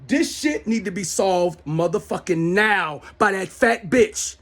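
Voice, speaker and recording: A man's voice: high voice, a little slow, fairly bright tone. A middle-aged man delivering a heated, profane, repetitive rant into his smartphone as the host of his own show. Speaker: self-styled show host. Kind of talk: angry rant to camera.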